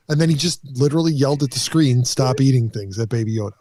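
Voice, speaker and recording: A man with a mid-range voice co-hosts a podcast, chatty and quick to joke. The sound is dry and close, with no room echo. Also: mid-range voice, darkish tone. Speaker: podcast co-host. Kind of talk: casual chat.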